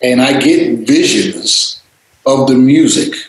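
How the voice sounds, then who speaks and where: A man telling stories in a casual interview, animated and freely swearing, acting out voices. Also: mid-range voice, slow, very echoey, poor audio. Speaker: interview guest, DJ and producer.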